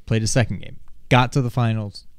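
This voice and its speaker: Male podcast co-host, lowish smooth voice, dry close mic, relaxed storyteller. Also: a little fast, no echo. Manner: relaxed, laughs easily, recounts things step by step. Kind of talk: casual chat.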